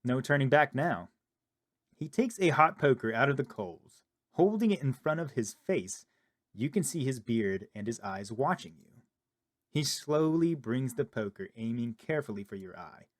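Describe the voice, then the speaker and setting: A man playing a horror game, reading the on-screen text aloud in a low murmur and reacting with loud, startled outbursts. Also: sing-song, moderate pace. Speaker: gaming video creator. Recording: loud game music under the voice.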